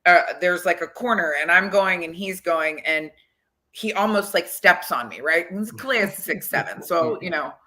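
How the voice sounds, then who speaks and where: A woman guest on an interview podcast, a football coach, telling stories in an animated, chatty way with many "like"s and "you know"s. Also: lowish voice, normal speed. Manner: animated, retells conversations with lots of "like" and "you know". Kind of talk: conversational interview storytelling.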